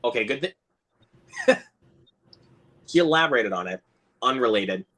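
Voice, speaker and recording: A man hosting a casual movie watch-along, reacting excitably and swearing now and then. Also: medium pitch, slow pace. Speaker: host.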